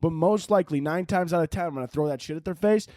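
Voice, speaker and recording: A podcast host rambles through a crude, profane comedic monologue on his solo show, his delivery swinging in animated ways. His voice sits a little high, and he talks fast.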